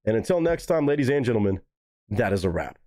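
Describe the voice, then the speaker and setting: A young man hosting a live music reaction stream, talking casually and excitedly to his chat with plenty of swearing. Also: fairly low pitch, fast talker. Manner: excitable, profane, talks straight to chat.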